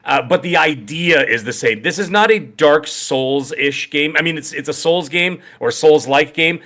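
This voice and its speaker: A man from Canada co-hosts a podcast in casual chat. His voice sits a little high and sounds bright and forceful. He rambles cheerfully and cracks jokes as he talks. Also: normal speed. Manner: upbeat, jokey, rambling enthusiasm. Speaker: podcast co-host.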